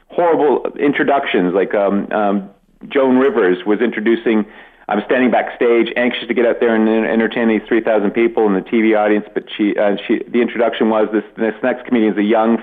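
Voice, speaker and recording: A middle-aged Canadian comedian with a Canadian accent, giving a dry, self-deprecating radio interview with many restarts. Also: male voice, on the low side, steady tone, a little fast, narrow, tinny audio. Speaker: comedian guest.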